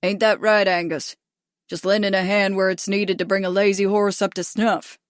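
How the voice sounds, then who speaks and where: A woman's voice: medium pitch, level tone, normal speed, dry recording, studio quality, lightly acted. A woman voicing a mocking American male horse trainer in his forties with a broad American drawl, in an audiobook. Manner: mocking, sly. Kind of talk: audiobook character voice.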